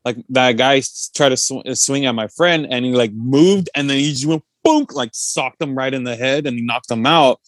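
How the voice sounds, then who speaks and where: A young man co-hosting a podcast, chatting casually in a halting way with many restarts. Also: mid-range voice, no room sound. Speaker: podcast co-host. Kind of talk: casual chat.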